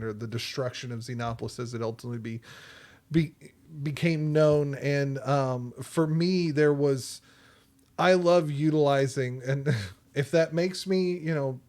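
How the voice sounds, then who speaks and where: A man in casual podcast chat, talking in a rambling, hesitant way as a game master. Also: medium pitch. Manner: rambling, hesitant, frequent ums and restarts.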